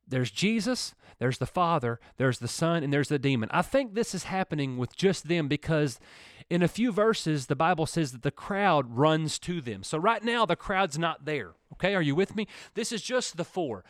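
A man preaching a sermon, animated and building emphasis with repeated words. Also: fairly high pitch, moderate pace, dry recording, studio quality. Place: church or studio program.

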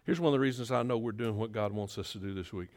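A middle-aged man preaching a sermon, moving between emphatic rising passages and quiet, hushed storytelling. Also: on the low side, fast. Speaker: pastor.

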